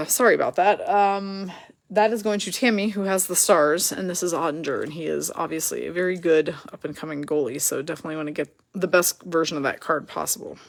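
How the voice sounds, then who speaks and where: A woman's voice: on the low side, brisk, vocal fry. A woman hosting a live card break, rattling off names and teams in a chatty way and laughing at her own slips.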